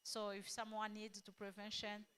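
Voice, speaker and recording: A woman doctor answering questions in a halting manner, often searching for words. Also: medium pitch, completely flat delivery, fairly bright tone, clean tone. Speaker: doctor presenting.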